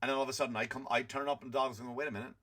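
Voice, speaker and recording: A man's voice: mid-range voice, level tone, racing, pushed and bright. A middle-aged man hosting a comedy podcast, ranting in an exasperated, profane way and acting out quotes. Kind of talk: comic rant.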